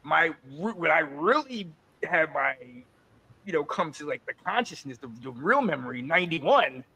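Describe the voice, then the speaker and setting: A man in his forties from North Carolina, co-hosting a podcast, telling animated sports stories in a casual chat with frequent repeated words. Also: fairly high pitch, normal speed, slightly rough. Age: 40s. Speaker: podcast co-host.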